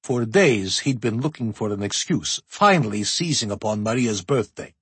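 A man narrating a historical novel in the first person, measured and expressive. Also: on the low side, husky, no echo. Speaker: audiobook narrator.

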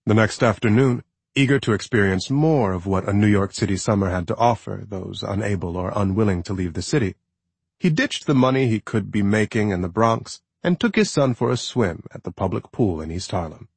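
A man reading a novel aloud as narrator, measured and expressive. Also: lowish voice, vocal fry, breathy edge, no echo. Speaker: audiobook narrator. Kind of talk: scripted narration.

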